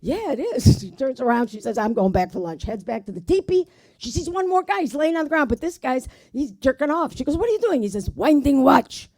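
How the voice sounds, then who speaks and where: A woman's voice: sits high, very animated, a little fast, a little mellow, no room sound. A woman doing stand-up, telling old jokes in a brash manner and swearing at the audience. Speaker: stand-up comedian. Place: community arts center stage.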